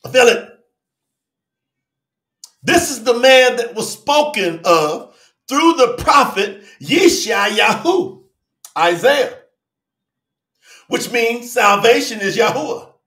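A man preaching in a livestream sermon, fervently calling out viewers by name and swinging between shouts and low murmurs. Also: expressive, slow pace, long pauses, reverberant. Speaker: preacher hosting a live Bible study.

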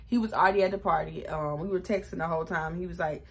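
A woman, chatting casually through a storytime and jumping up in pitch to act out quotes. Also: quick pace. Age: 20s. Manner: animated, chatty, acts out quotes with raised pitch. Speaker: vlogger.

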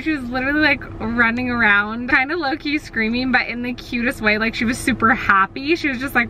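A woman's voice: a little high, pushed and bright, a little hiss or hum. A young woman, a mother, chatting to camera in a casual family vlog, bubbly and full of "like", filming on a phone in a car. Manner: bubbly and chatty, heavy use of "like".

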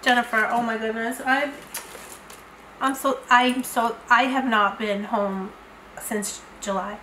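A high-pitched woman talks straight to her viewers in a gushing, effusive way, full of exclamations. Her voice rings in an echoey room, with clear background noise under it. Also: steady tone, takes it slowly, pushed and bright. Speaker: beauty vlogger. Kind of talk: unboxing vlog chat.

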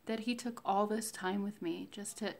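A woman talking slowly and reflectively in a casual faith diary, with many fillers and pauses. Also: mid-range voice, steady tone, gravelly, a little mellow. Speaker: vlogger sharing a fasting diary.

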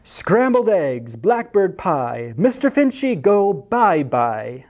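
A storyteller voicing a boastful young male magician who chants rhyming spells slowly in a sing-song way and is quick to throw a tantrum, in a picture book read-aloud. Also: mid-range voice, sing-song, a little mellow. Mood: chanting spells.

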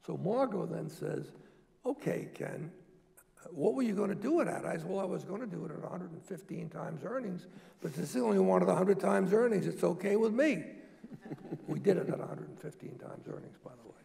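An older man, a guest at a public talk, telling lively business stories and acting out the dialogue. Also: sits high, fairly quick, vocal fry. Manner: animated storyteller, acts out quoted dialogue. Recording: echoey hall.

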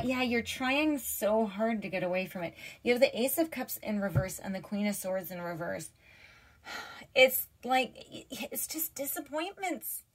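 Emotional, teary woman reading tarot. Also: mid-range voice. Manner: emotional, chatty, many fillers and restarts. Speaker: tarot reader. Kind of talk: casual tarot reading to viewers.

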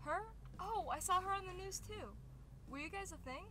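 A woman's voice: very high-pitched, brisk, sharp tone, slight background noise. An actress playing a young woman on the run in a cheesy game, with a theatrical sitcom delivery. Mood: dramatic.

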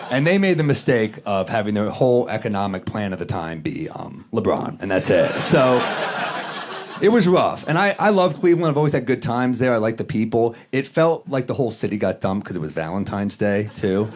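Low-voiced deadpan stand-up comedian. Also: male voice, brisk, a little hiss or hum. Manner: dry, deadpan delivery with wry asides. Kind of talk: stand-up storytelling. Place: comedy club stage before a laughing audience. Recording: live set with clear audience laughter.

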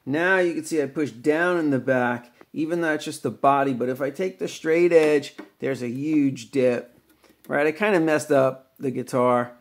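A man's voice: medium pitch, moderate pace. Rambling man talking guitar repair. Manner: rambling, with many fillers and laughs. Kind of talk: casual workshop vlog.

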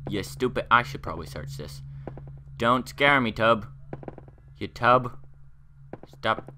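A man's voice: mid-range voice, expressive, slow, pushed and bright, a little hiss or hum. A man doing casual horror game commentary, joking around, talking to objects in the game and yelping when startled. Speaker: gameplay commentator.

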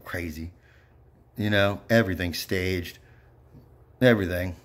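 A man's voice: deep voice, unhurried. A man delivering an angry, rambling monologue, bitter and profane, with frequent muttered asides. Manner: bitter, profane, ranting with repeated yeps.

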